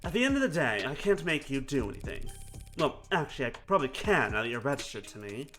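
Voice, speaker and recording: A man's voice: medium pitch, very animated, quick pace, bright, forceful tone, soft background music. A man reading the lines of a wry, teasing young woman detective in a game. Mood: probing. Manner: dry and teasing.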